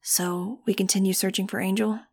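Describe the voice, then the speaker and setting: A woman voicing a quiet teenage boy who sounds tired but determined. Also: medium pitch, steady tone, normal speed, husky.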